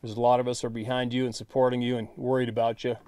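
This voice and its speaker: A man at an ordinary middle pitch hosts his own channel in a casual monologue. He talks bluntly and sounds frustrated, dropping the odd swear word as he addresses his viewers directly. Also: little pitch movement, fast talker, warm tone. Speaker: channel host.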